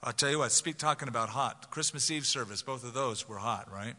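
Bright-voiced pastor preaching in a hall. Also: male voice, mid-range voice, fairly quick. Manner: conversational, acts out quoted voices. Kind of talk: sermon. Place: large church sanctuary. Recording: long hall reverb.

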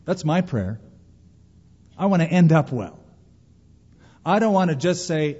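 A man's voice: fairly high pitch, big pitch swings, measured pace, long pauses, mellow, husky. A man preaching a sermon as pastor, emphatic storytelling and quoting scripture. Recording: reverberant, dull lo-fi hall recording.

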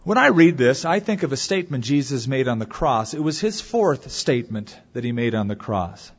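A man preaching a sermon to a congregation, reading scripture aloud and expounding it with dramatic pauses. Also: medium pitch, big pitch swings, breathy edge. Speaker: pastor. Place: church or hall before a congregation. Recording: dull lo-fi recording with long hall reverb.

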